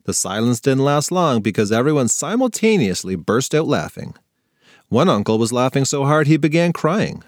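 A man narrating a funny children's story with playful, expressive storytelling on a close mic. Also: medium pitch, normal speed, dry recording. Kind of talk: scripted narration for kids.

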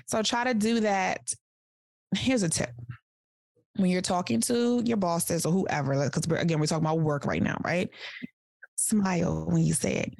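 A woman gives plain-spoken advice as a guest on a podcast couch, talking straight to the listener. Her voice has a gravelly edge, and she keeps it lively by acting out small workplace exchanges. The sound is dry and close. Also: fairly low pitch, normal speed, dry recording. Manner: direct, animated, acts out examples. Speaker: life coach guest. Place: studio couch.

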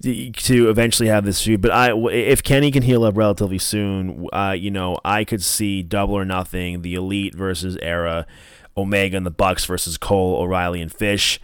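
A man's voice: sits low, fairly even intonation, fairly quick, clear, resonant tone, no echo, studio quality. A young man casually reviewing wrestling as a podcast host, rambling with many fillers and acting out quotes.

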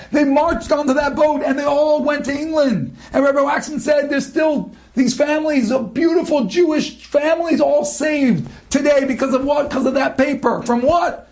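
A man's voice: very high-pitched, a little mellow. A man retelling an inspirational story, dramatic and building to emotional peaks.

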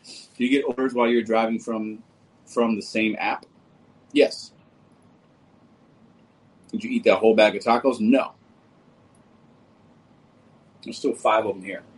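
Male livestream host, relaxed and jokey, slightly low voice. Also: normal speed, pauses often, husky, low-quality recording. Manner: laid-back, joking, talks to viewers as brother and bro. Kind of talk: casual livestream chat reading comments.

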